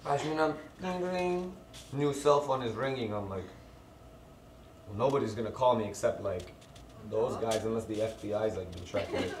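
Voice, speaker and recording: A young man's fairly low, slightly mellow voice carries a casual story to his friends at a normal pace, with laughter and acted-out quotes. The recording sounds roomy and distant, with a noisy background.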